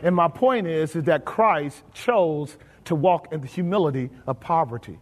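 A man's voice: a little high, lively intonation, normal speed. A pastor preaching a sermon, asking his congregation questions and slipping into folksy, colloquial phrasing. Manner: colloquial, drops into folksy grammar. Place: church sanctuary. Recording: long reverb of a church hall.

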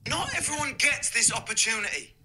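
An actor playing a tense young husband who pleads with his wife in a strained, shouting voice, with a put-on American accent, heard as film trailer audio played from afar. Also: very high voice, expressive, a little fast, slightly rough, heavily acted. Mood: pleading, urgent. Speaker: film character.

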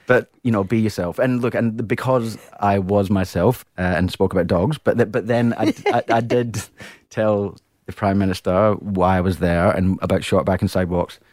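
A man's voice: lowish voice, fairly even intonation, moderate pace, darkish tone, no room sound, clean studio sound. An Australian man, a guest on a chat show, telling rambling anecdotes with frequent laughs. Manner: rambling storyteller, laughs often. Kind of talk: casual chat.

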